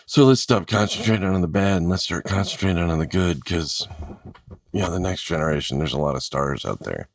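A man's voice: sits low, expressive, a little fast, creaky, dry recording, studio quality. A man hosting a casual podcast chat, rambling and correcting himself as he goes. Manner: rambling, self-correcting, jokey storyteller. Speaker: podcast host.

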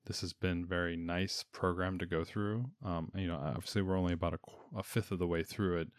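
A man's voice: low-pitched, steady tone, brisk, dry recording, studio quality. A man, a homeschooling parent, talking casually about a reading program, often restarting and repeating words. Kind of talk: casual podcast chat.

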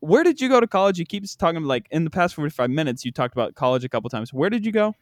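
A young man with a slight Southern country accent hosting a casual podcast, ranting with animated disbelief. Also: fairly high pitch, very fast, no room sound, studio quality. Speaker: podcast host.

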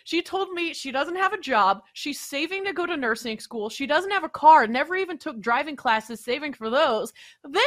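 A woman's voice: animated, normal speed, fairly bright tone. A woman in her thirties ranting in casual chat, telling annoyed stories and mimicking people. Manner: exasperated storytelling, mimics people in higher voice. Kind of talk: casual sports talk chat.

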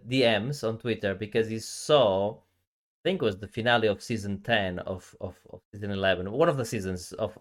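Low-voiced rambling man chatting. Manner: rambling, many restarts and fillers. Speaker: podcast co-host. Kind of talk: casual chat.

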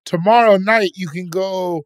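A comedian co-host in a casual podcast chat, pushing back with jokey skepticism. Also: male voice, high-pitched, measured pace, dry recording, studio quality.

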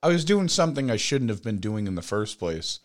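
A man's voice: lowish voice, big pitch swings, a little fast. A man co-hosting a podcast in casual chat, easygoing and self-mocking as he tells stories. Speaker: podcast co-host.

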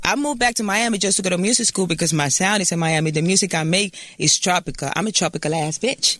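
A woman's voice: fairly low pitch, fast talker, a bit bright. A woman in her thirties with a Puerto Rican accent, a guest in a casual interview who talks in a brash, profane and boastful way. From Puerto Rico. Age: 30s.

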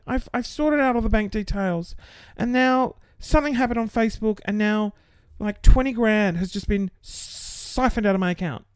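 A man's voice: high voice, normal speed, few pauses, clear, resonant tone, no room sound. A man venting in a casual vlog, exasperated and sweary, laughing through his frustration. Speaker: small business owner.

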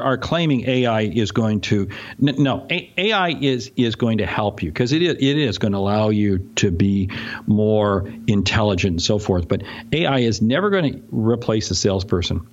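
Man, sales expert guest, lively swinging pitch, ranting, dull lo-fi sound. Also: normal speed. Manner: animated, ranting, self-interrupting. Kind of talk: podcast interview.

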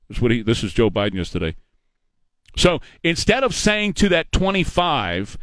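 A man's voice: mid-range voice, huge pitch swings, moderate pace, fairly bright tone, no echo. Ranting male talk radio host. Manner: emphatic, ranting, sarcastic. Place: radio studio.

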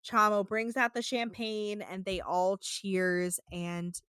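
A woman's voice: medium pitch, steady tone, slow pace, fairly bright tone, smooth, dry recording, clean studio sound. A young woman hosting a podcast, recapping episodes in a rambling, filler-heavy way and slipping into mocking voices. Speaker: podcast host. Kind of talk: casual chat recapping a show.

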